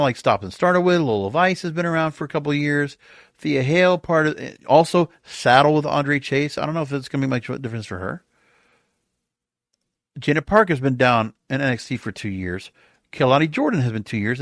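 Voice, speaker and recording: Podcast host, male, fairly high voice, sarcastic and exasperated, dry close-miked sound. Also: no echo. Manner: sarcastic, exasperated, rhetorical questions. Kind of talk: opinionated solo podcast rant.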